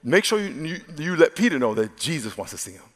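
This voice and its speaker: Lively, high-pitched preaching man. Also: fast. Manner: humorous, conversational, acts out voices. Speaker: pastor. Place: large church hall. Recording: long echo of a big hall.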